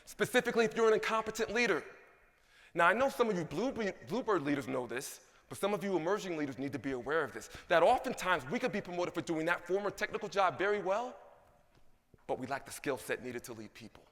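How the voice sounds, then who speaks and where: A man giving an energetic conference keynote, asking the audience questions. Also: fairly high pitch, a little fast, long reverb tail. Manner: animated, asks the audience questions. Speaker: keynote speaker. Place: large conference hall.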